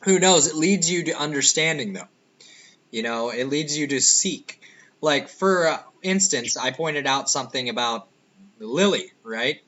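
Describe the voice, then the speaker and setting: A man's voice: fairly high pitch, expressive, a little slow, bright, forceful tone, highs cut off. A man hosting a stream, chatting casually and laid-back. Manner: laid-back, says "dude" and "freaking". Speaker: stream host. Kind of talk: casual chat.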